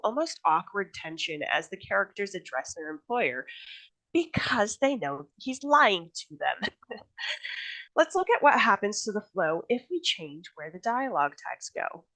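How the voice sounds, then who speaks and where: Woman presenter, author, writing workshop talk, chatty, friendly, mid-pitched voice. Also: big pitch swings, unhurried, fairly bright tone, low-quality recording. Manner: chatty, friendly teaching tone, laughs easily.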